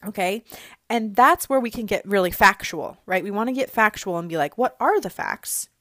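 A woman's voice: medium pitch, lively intonation, a little fast, pushed and bright, no room sound, clean studio sound. A woman coach speaking in a conversational, encouraging coaching monologue, with frequent casual fillers.

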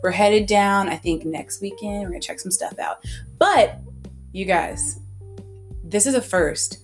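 A woman's voice: mid-range voice, unhurried, soft background music. Giggly young woman podcast host. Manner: giggly, playful, laughs often. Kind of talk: casual chat.

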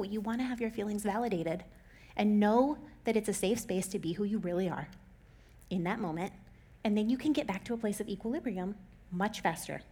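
A woman in her thirties talks through advice in a loose, conversational way. She laughs often and slips into acted-out quotes. Her voice sits at an ordinary middle pitch. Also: a little mellow, husky. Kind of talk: casual advice talk.

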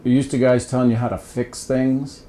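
A man's voice: mid-range voice, flat delivery, moderate pace, warm tone, slight background noise, low-quality recording. An older man from Ohio, a podcast guest talking in a folksy, coaching way, often restarting and repeating words. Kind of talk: casual advice-giving conversation.

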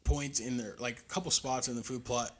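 A man's voice: medium pitch, fairly even intonation, a little fast. A young man from Oklahoma, co-hosting a podcast, telling a story in casual chat and laughing often. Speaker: podcast co-host.

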